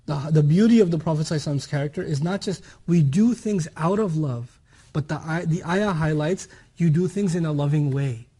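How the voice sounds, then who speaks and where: High, husky man teaching a Quran lesson. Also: quick pace. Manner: explains by contrast and example, with lively humorous asides; checks in with listeners. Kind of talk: explanatory religious lecture.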